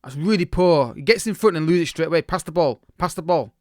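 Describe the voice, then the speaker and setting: Man, casual game commentary, fairly high voice, dry close sound. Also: lively intonation, fast talker, no room sound. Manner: chatty, reacts live to the match, many restarts. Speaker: gaming YouTuber.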